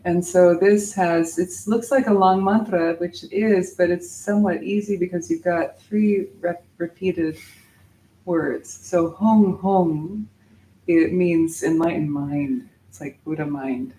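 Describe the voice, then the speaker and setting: Slow, patient woman meditation teacher chanting mantra syllables in an echoey room. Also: lowish voice, steady tone, mellow, a little hiss or hum. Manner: patient, demonstrates sounds, chants syllables slowly.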